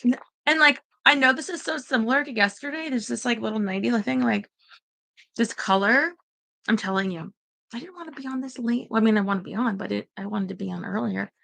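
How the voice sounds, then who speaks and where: A woman's voice: fairly high pitch, fairly quick, gravelly, bright, forceful tone. A woman rambling anxiously in casual livestream chat, talking straight to her viewers.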